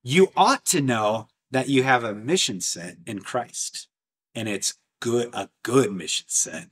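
A man preaching an impassioned sermon, animated and emphatic, swinging between loud bursts and low, intense passages with lots of repetition. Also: measured pace, husky. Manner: repetitive, rhetorical, martial imagery.

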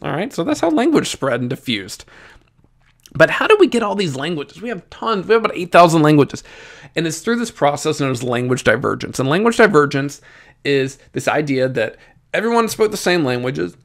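A man's voice: fairly high pitch, a little fast. Upbeat Southern-accented male teacher. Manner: lively, jokey, talks straight to students. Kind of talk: exam review lesson.

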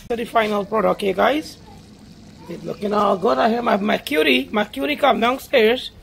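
In this casual cooking vlog, a woman cooking for guests at a backyard cookout talks to her viewers in a Guyanese Creole accent and coaxes a small child. Her voice is medium-pitched and creaky at a normal speed, with a little hiss or hum underneath.

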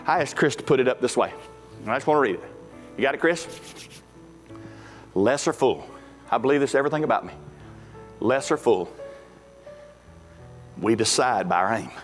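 A man, preaching a sermon as pastor in a folksy, emphatic way. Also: mid-range voice. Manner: folksy, emphatic, rising to shouts at climaxes. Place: church sanctuary. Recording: echoey hall with faint music.

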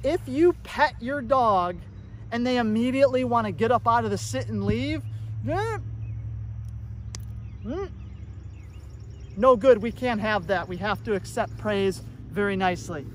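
A man's voice: high-pitched, lively intonation, unhurried, long pauses, background noise. A man working as a dog trainer, giving a casual, upbeat tutorial outdoors and praising his puppy as he coaches.

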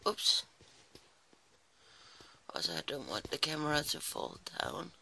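She has a low voice with huge pitch swings, vocal fry and a sharp tone, talking a little slowly against slight background noise. The speaker, a crafting vlogger, is sleepy early in the morning and chats casually while crafting in her small home craft room, rambling with apologetic asides.

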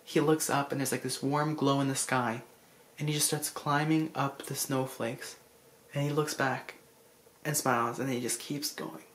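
A vlogger casually recapping a film in an effusive, rambling way, full of restarts and asides, clearly moved by the story. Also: medium pitch, fairly even intonation, moderate pace, a little hiss or hum. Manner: emotional about the story.

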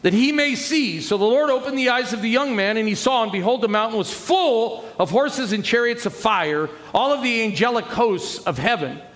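A middle-aged American man delivering a sermon in a fairly high voice. He preaches in an animated way and acts out the people in his Bible story. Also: moderate pace, hardly any pauses, in a large hall. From United States. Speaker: pastor.

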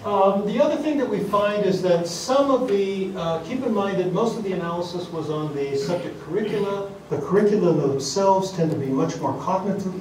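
A man lectures at an academic conference, his slightly high voice carrying through a very echoey hall. He stands well back from the microphone, and a faint room ambience sits underneath. He talks deliberately and stops often to restart a thought. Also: distant mic, background noise. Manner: deliberate, with frequent fillers and restarts.

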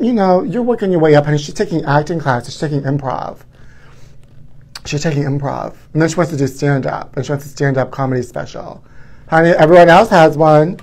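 A man's voice: on the high side, normal speed, a little mellow. A man hosting a live stream, chatting in a campy, gossipy way and calling his viewers honey. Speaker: livestream host.

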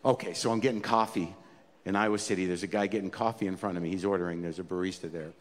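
A man's voice: low-pitched, fairly even intonation, fast, in a large hall. A man performing a stand-up comedy set, talking conversationally and ranting in mock exasperation.

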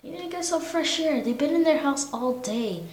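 A woman's voice: high-pitched, lively intonation, normal speed, echoey room, a little hiss or hum, low-quality recording. A woman giving casual commentary on a life-simulation game, rambling and slangy as she talks to herself and her viewers. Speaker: gamer.

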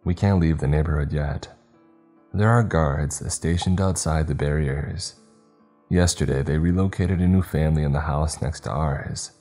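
Brief: male horror narrator, extremely deep, dark tone, somber and steady. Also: normal speed, faint music behind.

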